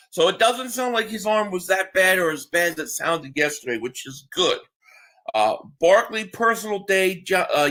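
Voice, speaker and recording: This live stream host speaks in a high, pushed, bright voice. Freshly awake and tired, he keeps things casual, reading out the chat and replying to viewers with frequent restarts.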